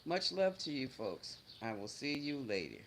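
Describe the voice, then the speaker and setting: A man's voice: mid-range voice, big pitch swings, normal speed, gravelly, a bit bright, slight background noise, rough recording. A middle-aged man hosting a casual livestream, greeting viewers by name and answering chat comments in a blunt, chatty way. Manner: blunt and scolding toward trolls. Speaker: livestream host.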